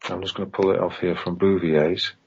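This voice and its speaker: A low, husky male voice carries this casual podcast chat, heard over a dull, lo-fi online connection. He rambles in a conspiratorial way and pushes his points with emphatic rhetorical questions. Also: flat delivery, fairly quick. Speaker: podcast guest. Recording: dull lo-fi online call audio.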